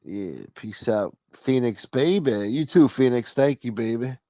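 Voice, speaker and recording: A man's voice: medium pitch, lively intonation, a little slow, dark tone, no room sound. A man hosting a live stream, chatting casually with viewers and telling a rambling, profane story.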